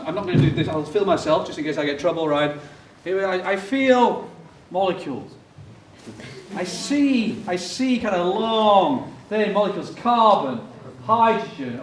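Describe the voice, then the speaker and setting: A man's voice: sits high, big pitch swings, normal speed, slight background noise. A middle-aged man, a chemistry professor, giving a playful public science lecture and joking with the children in his audience. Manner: jokey and playful, talks directly to children in the audience. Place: lecture theatre. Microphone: fixed camera from far off. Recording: echoey lecture hall from far off.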